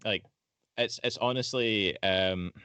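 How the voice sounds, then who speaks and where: A man's voice: lowish voice, slow pace, sharp tone, clear, resonant tone, no echo. A man co-hosting a casual film podcast, rambling through his opinions with many fillers and swearing. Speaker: podcast co-host.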